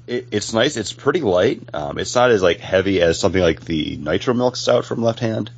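A man's voice: on the low side, expressive, normal speed, creaky, husky. A man co-hosting a casual podcast, rambling with lots of fillers as he talks. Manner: rambling, many fillers and restarts. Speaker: podcast co-host. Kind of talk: casual chat.

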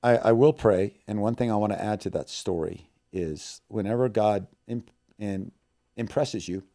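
A man with a low, mellow voice speaks earnestly about loss and faith. His delivery swings between loud emphasis and quiet, hushed moments, closing in heartfelt prayer. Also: normal speed. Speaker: missionary guest.

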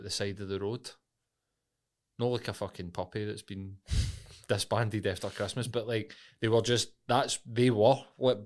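Low-voiced Scottish man, swearing and bantering. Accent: Scottish, Glasgow area. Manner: swearing, banter-heavy storytelling. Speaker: podcast co-host. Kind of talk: casual chat.

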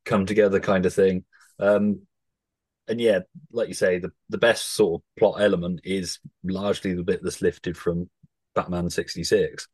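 A man's voice: low voice, level tone, normal speed, darkish tone, husky, dry recording. A man hosting a podcast, chatting casually about a film, laid-back and given to swearing. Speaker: podcast host.

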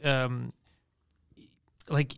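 A man co-hosting a casual podcast chat, telling animated stories, acting out quotes and laughing along. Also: medium pitch, very slow, gravelly, smooth. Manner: animated storytelling with acted-out quotes; laughs through his stories. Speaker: podcast co-host.

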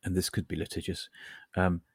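A man's voice: deep voice, level tone, a little fast, a little mellow, slightly rough, no echo, clean studio sound. A man co-hosting a casual podcast chat, talking in a wry, rambling, self-deprecating way. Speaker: podcast co-host.

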